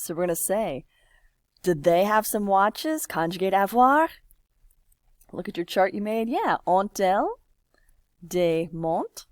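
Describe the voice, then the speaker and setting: A woman's voice: lowish voice, no room sound, studio quality. A woman teaching a French lesson, patiently walking a class through examples while typing and encouraging answers. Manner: patient, encouraging, slow and drawn-out.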